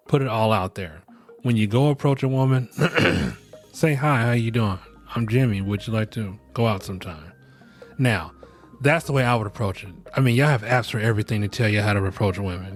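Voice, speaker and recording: A middle-aged man hosting a podcast, giving frank, rambling, jokey advice in a casual monologue. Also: on the low side.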